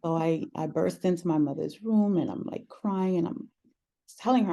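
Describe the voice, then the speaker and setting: A woman with a low, mellow voice tells a personal story in an unhurried conversation. She is earnest and reflective, pausing often with soft "um"s as she gathers her thoughts. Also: creaky. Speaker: podcast host sharing her story as guest.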